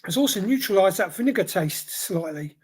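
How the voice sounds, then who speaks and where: A man's voice: high-pitched, lively intonation, a little fast, breathy edge. A man hosting a livestream hot sauce test who has a head cold and a runny nose, exclaiming and reacting aloud as the spice hits. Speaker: hot sauce reviewer and host.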